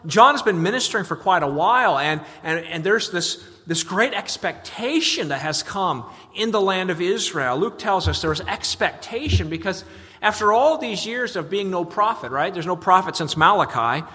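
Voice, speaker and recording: A man's voice: lively intonation, normal speed, pushed and bright. A man preaching an expository sermon, earnest and prone to repeating words as he restarts his sentences. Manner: earnest, repeats words on restarts, voices questions with rising pitch. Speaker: pastor. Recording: long reverb of a large hall.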